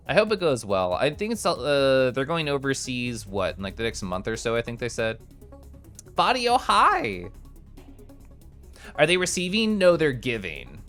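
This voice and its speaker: A male streamer talks casually to his live audience. His voice swings up and down with lively energy and breaks into excited little exclamations, while soft music plays faintly underneath. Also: medium pitch. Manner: chatty and bubbly, with excited exclamations. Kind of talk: casual stream chat, reading and answering chat.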